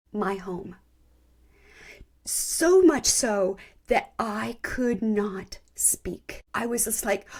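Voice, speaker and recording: Woman podcast host, a little high-pitched, gives a candid and earnest personal faith testimony. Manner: candid, earnest storyteller who laughs at herself.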